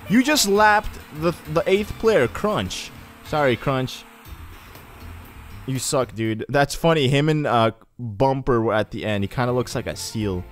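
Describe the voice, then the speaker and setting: A young man casually commenting on a racing game as he plays, rambling and chatty with sudden excited bursts. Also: a little high, normal speed. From Egyptian heritage. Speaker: let's play host. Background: faint game music.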